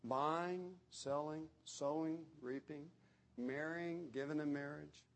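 A man preaching a sermon, emphatic and deliberate, with repetitions. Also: on the high side, fairly even intonation.

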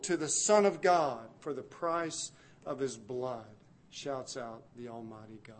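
A man preaching a sermon, telling the story dramatically and swinging from hushed, soft passages to loud, urgent ones. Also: medium pitch, a little slow.

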